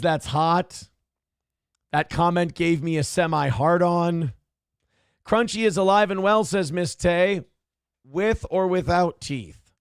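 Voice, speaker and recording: A man's voice: high-pitched, clear, resonant tone, no room sound, clean studio sound. A man hosting a live show, reading out viewer donations in a casual, exasperated way, laughing and swearing as he goes. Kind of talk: casual live-stream talk.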